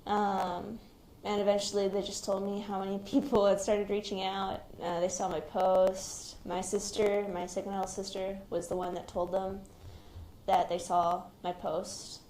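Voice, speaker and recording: In an echoey room with a light hiss of background noise, a young active-duty service member who survived a shooting talks about what happened to her. She's reflective and quiet, frequently pausing to gather her thoughts, her ordinary mid-pitched voice keeping a level tone.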